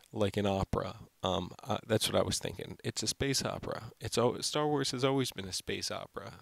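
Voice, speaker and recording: A man's voice: lowish voice, creaky, a bit bright, dry recording. A young man hosting his own film channel, giving an unscripted, rambling review full of "like" and fillers. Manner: rambling, heavy use of "like" and fillers.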